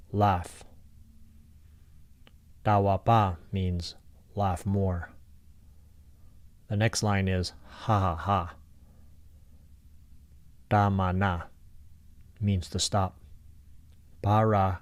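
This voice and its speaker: A man giving a recorded lecture on Philippine script, patiently and deliberately sounding out syllables one by one. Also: deep voice, fairly even intonation.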